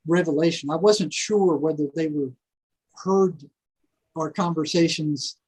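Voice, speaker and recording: An older man telling a long story in a rambling, animated way, full of fillers and asides. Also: on the high side, slightly rough, low-quality recording. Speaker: guest, former prison psychology worker. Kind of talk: casual storytelling interview.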